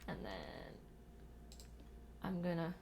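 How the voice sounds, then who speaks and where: A woman's voice: fairly low pitch, level tone, slow pace, creaky, dark tone, slight background noise. A young woman streaming a building game from her desk at home, muttering to herself and scolding her cat in exasperated asides. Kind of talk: casual livestream chat while building in a game. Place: home room at a computer.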